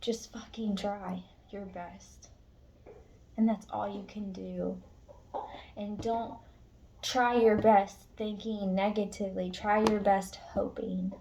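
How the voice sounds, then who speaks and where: Tarot reader lady, raspy gravelly voice, flat tone, talking real frank and emotional, swears a bit. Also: mid-range voice, takes it slowly, long pauses, lo-fi sound, a little hiss or hum. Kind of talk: casual spiritual pep talk to viewers.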